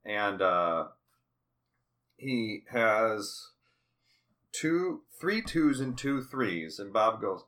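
Man, casual recap chat, low-ish voice, bright and forceful tone. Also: sing-song, very slow, long pauses. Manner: chatty, acts out scenes in put-on voices. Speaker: podcast co-host.

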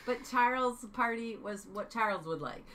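A woman co-hosts a casual chat, chatty and quick to giggle as she adds little facts. Her voice is bright and animated, moving widely in pitch. A faint hiss sits behind her. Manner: chatty and giggly, adding trivia. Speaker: podcast co-host. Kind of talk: casual chat reviewing a TV episode.

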